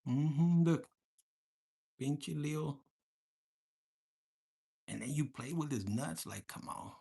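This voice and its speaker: A man's voice: on the high side, expressive, slow pace, creaky, dark tone, breathy edge. A man giving a casual tarot reading for viewers, talking in a crude, profane, joking way and mixing in Spanish slang. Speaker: tarot reader.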